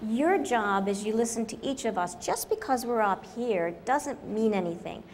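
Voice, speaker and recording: A woman's voice: on the high side, animated, normal speed, darkish tone, a little hiss or hum. Wry woman speaking in an echoey hall. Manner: wry, direct and storytelling. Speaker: conference speaker. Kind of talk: humorous public talk.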